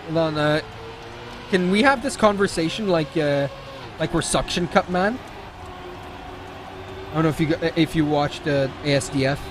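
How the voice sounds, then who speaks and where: Guy doing racing esports play-by-play, high voice, jokey and hyped, loud engine noise behind. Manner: excitable, jokey, quick self-corrections. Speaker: esports caster. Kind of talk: play-by-play commentary.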